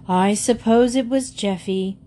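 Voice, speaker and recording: A woman reading aloud and voicing a blustering, grumpy middle-aged husband in a loud, gruff, indignant way. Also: mid-range voice, a little slow, pitched above the performer's own voice, natural voice. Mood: angry.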